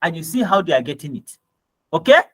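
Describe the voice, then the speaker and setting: A man's voice: fairly high pitch, big pitch swings, fairly quick, a bit bright. A man with a Nigerian accent teaching copywriting, who reads ad copy aloud and then breaks it down, often checking in with "right?" and "okay?". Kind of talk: screen-share lesson reviewing ad copy.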